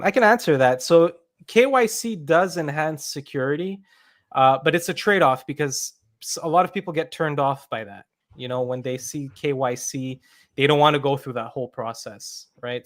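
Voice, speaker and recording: A man with a voice of ordinary pitch, the guest developer on a casual gaming podcast. He explains his ideas one step at a time and fills the pauses with "like," "um" and "you know.". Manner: explains step by step with many fillers.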